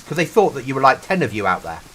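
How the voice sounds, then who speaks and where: A man's voice: medium pitch, sing-song, quick pace, a bit bright, a little hiss or hum, poor audio. A middle-aged British man streaming a game, chatting earnestly and telling stories to a friend. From Britain. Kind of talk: casual chat while gaming.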